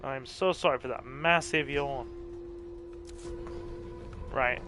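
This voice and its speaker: A man's voice: mid-range voice, takes it slowly, music in the background. A tired man hosting a let's play, giving chatty, joking gameplay commentary. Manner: joking, chatty, self-deprecating. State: tired, yawning.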